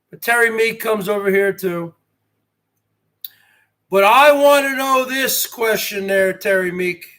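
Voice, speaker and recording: A man's voice: high-pitched, bright, forceful tone. A man hosting his own live stream, rambling and boasting in a wrestling-promo style and firing off rhetorical questions at his viewers.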